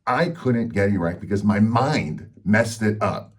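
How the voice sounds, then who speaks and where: A man's voice: fairly low pitch, expressive, a little slow, breathy edge. A man hosting a health channel, telling a personal story in a frank, rambling way with lots of fillers.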